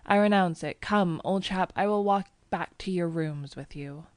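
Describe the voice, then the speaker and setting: A woman reading the soothing, humoring lines of a calm young man trying to settle his cousin. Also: lowish voice, unhurried, no echo, lightly acted.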